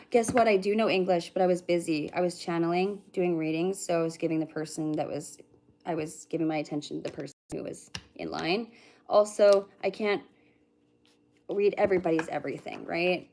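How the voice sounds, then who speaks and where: A woman's voice: lowish voice, fairly quick, dark tone, a little hiss or hum. A woman who is a psychic medium, chatting casually with livestream viewers. She greets them by name and hums and mutters to herself between readings.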